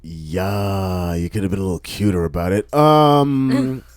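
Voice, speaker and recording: A man with a lowish voice chats on a casual podcast. He tells stories loosely and swears freely, getting animated as he goes. The sound is dry and close, with faint music behind him. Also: a little slow, dry recording. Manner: profane, animated storytelling. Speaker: podcast co-host. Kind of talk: casual chat.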